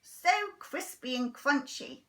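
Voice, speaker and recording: A woman's voice: sits high, expressive, slow, pushed and bright, pitched above the performer's own voice, exaggerated voice. A woman reading a storybook aloud and voicing a stern father who insists on eating vegetables. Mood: relishing. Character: stern, veggie-loving father.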